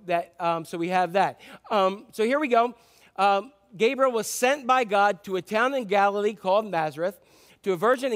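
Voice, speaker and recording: A male pastor giving a sermon in an informal, chatty way, full of fillers and joking asides. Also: high voice.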